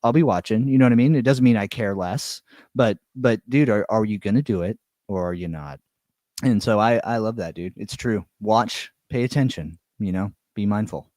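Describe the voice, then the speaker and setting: A man's voice: lowish voice, normal speed, darkish tone, dry recording. A man co-hosting a podcast in a casual chat, laid-back and swearing freely, saying "dude" a lot. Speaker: podcast co-host.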